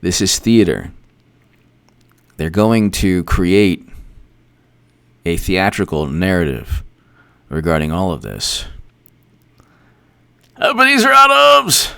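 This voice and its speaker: Male commentary host, lowish voice with big swings, rambling, repetitive delivery. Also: slow, vocal fry, long pauses, smooth. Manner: rambling, repetitive, animated asides with laughs. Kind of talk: casual livestream commentary.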